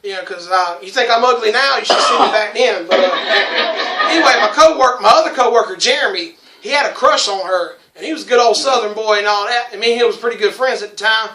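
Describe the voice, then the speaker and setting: A man's voice: high voice, fast, bright, forceful tone, slight background noise. A man hosting a casual podcast who tells crude stories, rambling and laughing as he goes. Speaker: podcast host. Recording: echoey, distant room mic.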